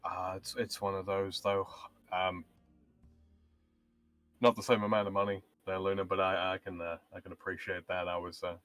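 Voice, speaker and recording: Low-voiced man musing on a stream. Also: little pitch movement, fairly bright tone, soft background music. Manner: measured, thoughtful, a bit hesitant. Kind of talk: casual live-stream chat.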